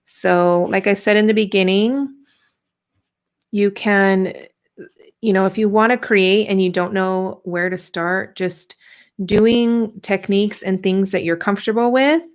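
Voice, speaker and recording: Working through a casual craft demo on her art journaling livestream, a woman in her thirties greets viewers in a playful, chatty way. Her mid-range voice is clean and fairly even in intonation, and she speaks a little slowly.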